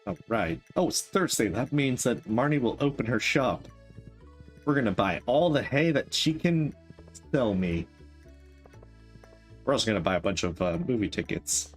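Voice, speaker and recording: A man's voice: mid-range voice, big pitch swings, normal speed, long pauses. A man streaming a game, playfully chatting to the characters as he plays. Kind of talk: casual gameplay commentary. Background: faint game music.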